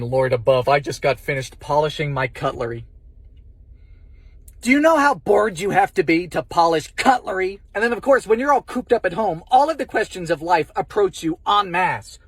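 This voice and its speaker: A man's voice: high-pitched, a bit bright, breathy edge, no echo. A man ranting to his phone camera, exasperated, profane and theatrical, often from inside his car. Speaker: comedy content creator. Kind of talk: comic rant to camera.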